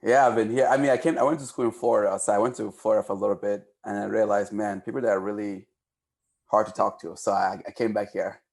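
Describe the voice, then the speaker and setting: Fast-talking man telling stories. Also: fairly low pitch, vocal fry. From Cameroon. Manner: fast, animated, repeats words while telling stories. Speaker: podcast guest. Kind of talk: casual storytelling.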